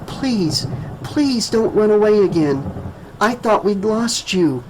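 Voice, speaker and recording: A shaken but tender young woman in an audiobook, raised in pitch and speaking gently and soothingly, as a male narrator puts her on. Her words come slowly and softly, with faint ambience behind. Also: animated, noisy background. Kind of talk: audiobook character voice.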